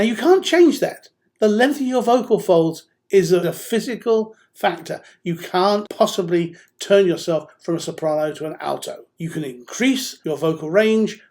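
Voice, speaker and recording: A man's voice: high-pitched, darkish tone. A man teaching singing, talking in a direct, encouraging way as he coaches the listener through voice drills. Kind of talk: instructional seminar talk.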